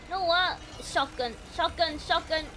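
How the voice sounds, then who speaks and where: Very high-pitched, giggly woman streamer. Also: normal speed, background noise. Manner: giggly and excitable, frequent laughter and yelps; taunts enemies and swears when startled. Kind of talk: live gameplay commentary, chatting with viewers.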